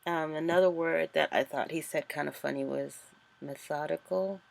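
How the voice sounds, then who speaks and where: A woman's voice: sits low, fairly even intonation, normal speed, vocal fry. A woman author chatting casually and thinking aloud as she walks through a screen-recorded tutorial. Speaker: author and vlogger.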